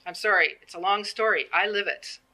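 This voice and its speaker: A Canadian woman in her fifties gives a public presentation in a mid-range voice, speaking fairly quickly over some background noise. She is earnest and plain-spoken, and she acts out the conversations she retells.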